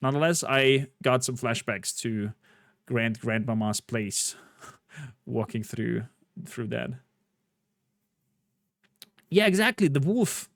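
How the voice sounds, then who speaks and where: A man streams a game and rambles chattily through a recap, filling his casual commentary with frequent fillers. His medium-pitched voice has lively intonation, and he speaks slowly with many pauses. The studio-quality recording is dry, with faint game music behind him.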